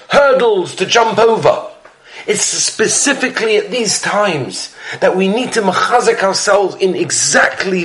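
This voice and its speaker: High-voiced man preaching a Torah talk. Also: a bit bright. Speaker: rabbi giving a weekly Torah talk. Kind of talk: sermon storytelling.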